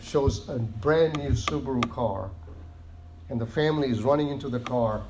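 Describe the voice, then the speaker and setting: A male preacher gives a sermon in a mid-pitched voice. He is earnest, repeats himself and restarts his phrases, and slows down to hammer key words home. A faint hiss sits under the recording. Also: warm tone.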